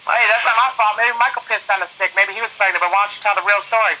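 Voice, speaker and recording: A woman's voice: mid-range voice, steady tone, fast talker, bright, forceful tone, slight background noise, rough recording. A woman, talking bluntly and profanely in a casual phone chat, telling stories with quoted back-and-forth.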